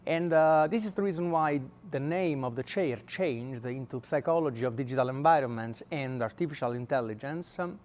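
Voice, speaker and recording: A man's voice: medium pitch, brisk, few pauses, a little mellow. A man from Italy with an Italian accent, giving a university lecture and speaking hesitantly with many filler sounds. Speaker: guest lecturer. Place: lecture room.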